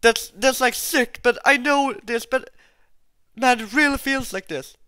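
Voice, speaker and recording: Channel host doing gameplay commentary, excitable and addressing viewers, clean voice in a dry close recording. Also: mid-range voice, unhurried, smooth, no room sound. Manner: excitable, repeats exclamations, talks to viewers.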